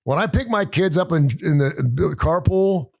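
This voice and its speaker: A man's voice: high voice, normal speed, gravelly. A middle-aged American man co-hosting a radio show, telling stories in casual banter and laughing often. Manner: storytelling, laughs often, animated retelling.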